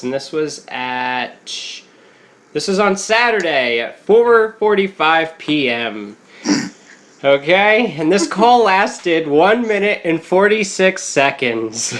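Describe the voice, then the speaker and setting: A young man co-hosting a casual podcast, telling a story in an animated way, laughing often and acting out quotes. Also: fairly high pitch. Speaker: podcast co-host.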